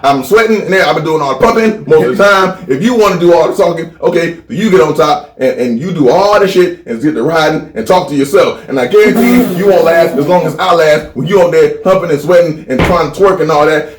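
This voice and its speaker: Profane ranting man, echoey room. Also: fairly high pitch. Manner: animated, profane, repeats phrases for comic buildup. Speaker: podcast co-host. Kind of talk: crude comedic podcast rant.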